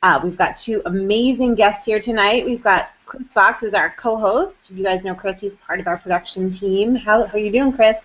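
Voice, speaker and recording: A woman's voice: medium pitch, normal speed, few pauses. Bubbly woman hosting a web chat. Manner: bubbly, upbeat, laughs easily. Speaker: host. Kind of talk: casual chat on a live web show. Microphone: video call. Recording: dull lo-fi web call audio.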